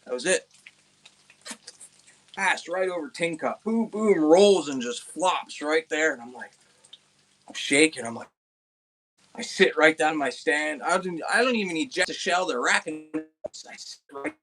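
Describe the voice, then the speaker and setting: A young man from Pennsylvania tells a hunting story in a loose, casual way. He rambles, restarts his sentences and gets animated at the exciting parts. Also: a little high, measured pace, long pauses. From Pennsylvania, USA. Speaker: outdoors channel host.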